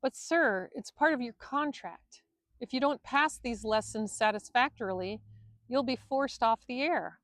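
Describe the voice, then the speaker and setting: A woman's voice: on the high side, a little slow, fairly bright tone, no echo. A woman voicing a prim, patient male speech trainer who talks politely and formally. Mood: coaxing.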